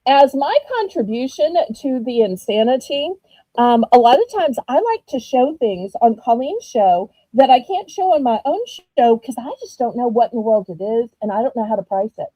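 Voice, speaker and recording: A woman with a Southern US accent, chatting casually while running a live-stream auction, animated and full of ums. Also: fairly high pitch, normal speed, no echo, poor audio.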